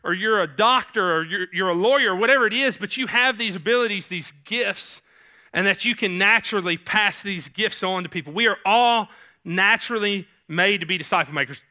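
Speaking a little fast, this Southern-accented youth pastor delivers his sermon on a church sanctuary stage in a bright, forceful, high voice. His style is casual and conversational, packed with filler words.

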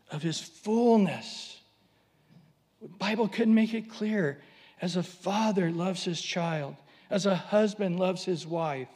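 Male preacher, higher pitch, animated storyteller, long reverb of a hall. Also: husky. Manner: animated storytelling, dramatic pitch swings, humorous asides. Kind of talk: sermon.

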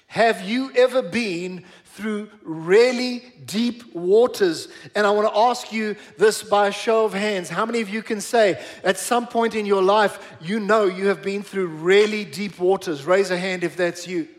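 A middle-aged man preaching a sermon in church, emphatic, repeating words for stress and slowing down on key phrases. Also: sits high, steady tone. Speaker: pastor.

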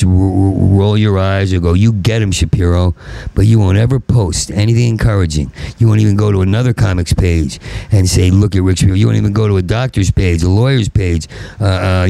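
A man's voice: on the low side, creaky, dark tone, no room sound, low-quality recording. A middle-aged man with a heavy stutter, delivering a rambling, bitter stand-up monologue. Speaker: stand-up comedian.

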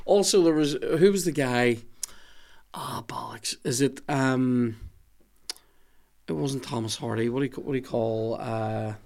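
Podcast guy, smooth clear voice, stop-start chat, keeps losing names. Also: medium pitch, darkish tone. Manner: halting, hunting for names, reads aloud and breaks into laughter. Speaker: podcast co-host.

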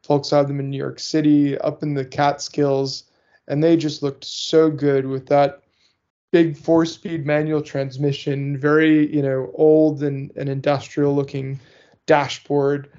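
A man's voice: a little high, flat delivery, a little slow, warm tone. A man co-hosting a car podcast in casual chat, rambling with many fillers and restarts. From northeastern US. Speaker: podcast co-host. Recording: muffled lo-fi audio.

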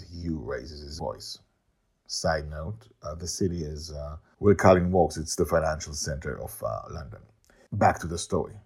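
Husky low-voiced man reading a story. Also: moderate pace, a little mellow. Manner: chatty asides with frequent uhs. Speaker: storyteller and podcast host. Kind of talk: reading a serialized story aloud.

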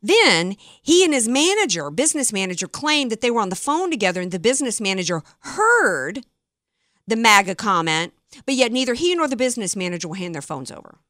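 A woman's voice: on the high side, sing-song, a little fast, a bit bright, no room sound. A woman hosting a talk radio show, delivering an opinionated political monologue with sarcasm and indignation into a close studio mic.

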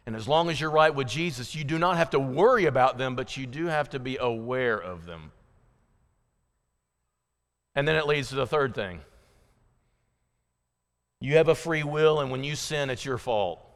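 An American man preaching a sermon as pastor, swinging from loud, rising passion to low, intimate appeals. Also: expressive, normal speed, pauses often. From United States. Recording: hall reverb.

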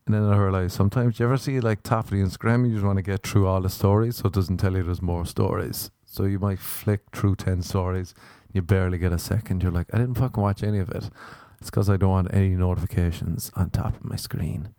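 Sweary young comedian with a low, dark voice. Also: male voice, level tone, brisk, few pauses, no room sound. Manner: sweary, laughing, rambling storyteller. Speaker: stand-up comedian. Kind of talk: casual rambling monologue.

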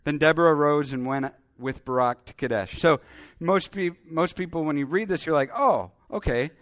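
A man's voice: fairly high pitch, a little fast. A man preaching a sermon, reading Bible verses and commenting as he goes, acting out voices now and then. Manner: animated, acts out voices when telling the story.

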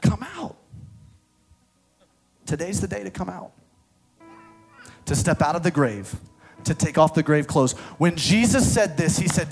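A man preaching a sermon, swinging from loud, excited reading to quiet, intimate appeals, with playful asides. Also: on the high side, measured pace, pauses often, slightly rough. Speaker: pastor. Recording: soft music underneath.

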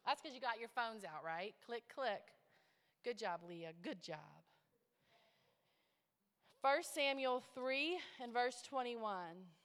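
A woman pastor preaches in a big church sanctuary with a bright, fairly high voice. She moves from hushed asides to rising, building appeals, and the sound hangs in a long hall reverb. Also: expressive, slow, pauses often. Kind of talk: sermon.

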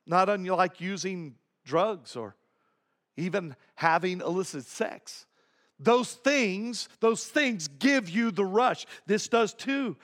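A male pastor preaching a sermon, emphatic, repeating key phrases and swinging between low asides and raised points. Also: slow, a bit bright.

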